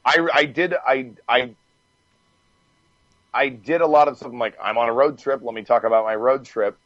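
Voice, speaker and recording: A man guest on a podcast, telling stories in a casual, animated way, swearing freely and laughing as he goes. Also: mid-range voice, moderate pace, dry recording, highs cut off. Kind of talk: casual storytelling.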